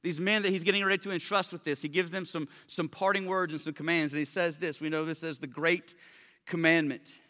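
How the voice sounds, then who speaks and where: A male pastor preaching in a conversational, excitable way, full of casual slang. His voice is high and bright. The room gives it a long, ringing reverb. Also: fairly quick. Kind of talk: sermon.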